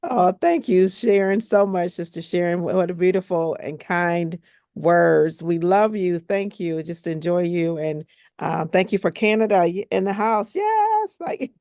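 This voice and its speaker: A woman's voice: fairly low pitch, a little slow, darkish tone, dry recording, clean studio sound. A woman moderating a webinar, introducing each speaker with effusive, affectionate praise.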